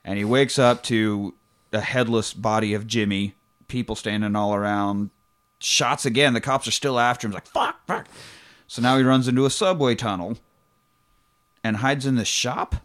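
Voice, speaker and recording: A man chatting casually as a podcast co-host, retelling a film with swearing and quick put-on lines for the characters. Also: medium pitch, fairly even intonation, fairly bright tone. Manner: profane, acts out characters' lines in quick asides. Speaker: podcast co-host recapping a movie.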